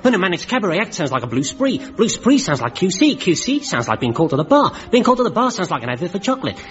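A man playing a brash game show host in a comic radio sketch, firing off rapid punning patter. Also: high-pitched, very animated, soft background music. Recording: dull old radio recording with loud audience and noise.

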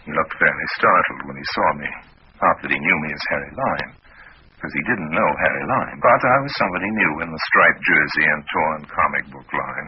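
A man's voice: very deep voice, husky, full character voice. An actor playing a suave, wry crook who narrates his own story in 1940s radio drama style. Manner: wry, dry, teasing. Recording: muffled old radio recording with faint hiss.

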